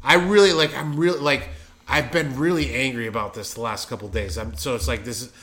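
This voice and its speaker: A man's voice: medium pitch, steady tone, fairly quick, fairly bright tone. A man in casual chat as a podcast co-host, ranting emphatically and swearing a lot.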